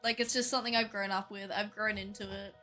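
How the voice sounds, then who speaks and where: A young Australian woman with a strong accent chats casually to her stream audience, her voice bright and forceful. She leans on "like" a lot and keeps breaking into quick laughs. Faint music plays underneath. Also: medium pitch, steady tone. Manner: chatty, fills talk with "like", laughs often. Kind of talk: casual livestream chat.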